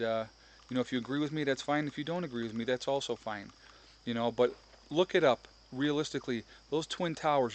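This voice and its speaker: A middle-aged man ranting heatedly to his viewers in a vlog, repeating himself and talking to them directly. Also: mid-range voice. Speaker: vlogger. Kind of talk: ranting to camera.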